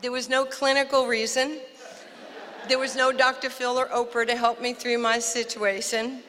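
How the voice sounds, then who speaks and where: Animated New York woman telling stories. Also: a little high, moderate pace, big-room sound, a little hiss or hum. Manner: animated storyteller, acts out quotes. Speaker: guest speaker. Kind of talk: storytelling speech. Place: outdoor park dedication.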